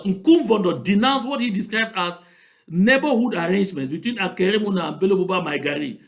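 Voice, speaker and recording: A man's voice: sits high, echoey room. A man speaking Cameroonian Pidgin English, giving mocking, emphatic political commentary and repeating points for stress.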